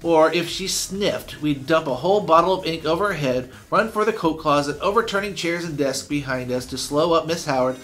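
A man, a teacher, reading a chapter book aloud at an unhurried pace. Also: on the high side, a bit bright.

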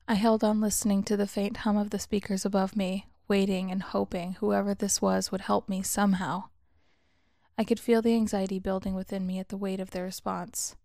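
Woman narrator for a spoken first-person story, tense and measured, gravelly voice, dry close recording. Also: mid-range voice, flat delivery, mellow, no echo.

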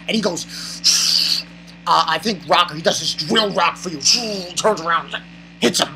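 A manga reviewer giving a casual, excited chapter recap, rambling and exclaiming with laughs. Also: mid-range voice, unhurried, slight background noise, rough recording.

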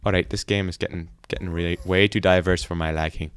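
A young man giving jumpy, frightened let's play commentary, often breaking into loud exclamations. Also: deep voice, steady tone, fast, clean tone, dry recording, studio quality. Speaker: gaming YouTuber.

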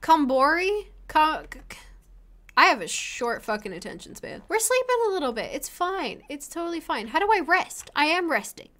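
A woman's voice: sits high, big pitch swings, moderate pace, fairly bright tone. A woman hosting a casual let's play, commenting in a profane, exasperated, self-mocking way.

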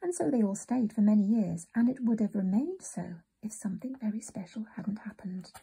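A woman narrating a children's storybook in a soft, often whispered reading voice. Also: medium pitch, brisk, creaky, slight background noise.

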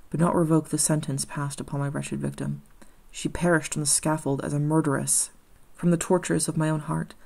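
A woman narrating an audiobook in a measured, somber reading. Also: low voice, gravelly, a little mellow, breathy edge.

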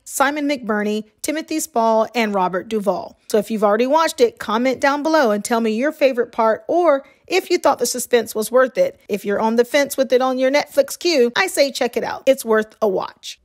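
A woman with a light Southern US accent and a slightly high voice narrates a film review. She reads in an even, measured way, as if from a script, setting out each point in turn. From Southern United States.

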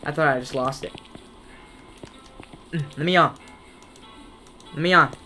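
A gaming creator playing a horror game, reading the on-screen text aloud and joking back at it, sometimes yelling playfully in tense moments. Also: medium pitch, a little slow, faint music behind.

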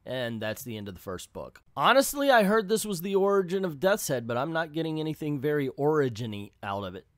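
A man's voice: fairly high pitch, big pitch swings, brisk, hardly any pauses, no echo, studio quality. A man hosting a casual comic book recap with offhand, wry commentary. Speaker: comics video host.

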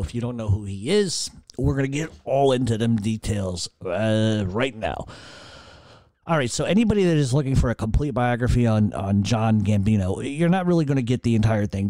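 A man's voice: lowish voice, warm tone, no room sound. A man from Providence hosting a podcast in a casual monologue, profane and rambling, often restarting his sentences. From Providence, Rhode Island. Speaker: podcast host.

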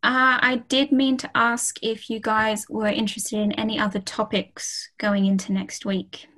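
Slow-paced woman tutoring over a video call. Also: fairly high pitch, flat delivery, a bit bright, rough recording. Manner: slow, friendly, many ums and okays. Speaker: French tutor. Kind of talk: casual online language lesson.

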